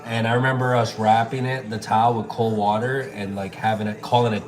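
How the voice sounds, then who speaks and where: A chef livestreams while cooking, chatting casually, answering viewer comments and calling people bro and dude. He speaks fairly quickly in a lowish voice with little pitch movement.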